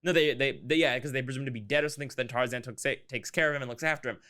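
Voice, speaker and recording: Fast-talking man rambling about a movie. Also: mid-range voice, pushed and bright. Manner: rambling, jokey, mock-quoting characters. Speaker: podcast co-host. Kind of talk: casual movie review chat.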